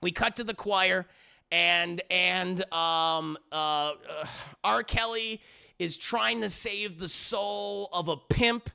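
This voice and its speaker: A man's voice: high voice, takes it slowly, creaky, sharp tone, clear, resonant tone. A man reviewing music on a live stream, recapping a story in a rambling, profane way, with many fillers and restarts.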